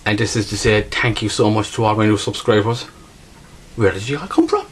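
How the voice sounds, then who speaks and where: A man's voice: on the low side, brisk, a little hiss or hum. A man with a strong regional accent, chatting casually through an unboxing as a bushcraft vlogger and repeating himself often.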